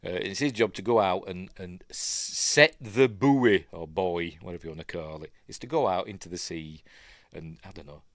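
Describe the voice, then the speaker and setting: Speaking briskly in a low-pitched, fairly bright voice, this Yorkshire-accented film reviewer from Yorkshire, England, wanders casually through a film, full of ums and side comments. The studio sound is clean with no echo.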